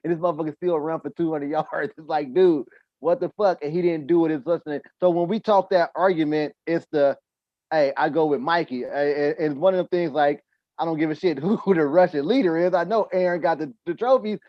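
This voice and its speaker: A man's voice: on the high side, fairly quick, dry recording, dull audio. A man hosting a podcast, telling sports stories in loose, profane casual chat full of restarts and asides. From United States. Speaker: podcast host.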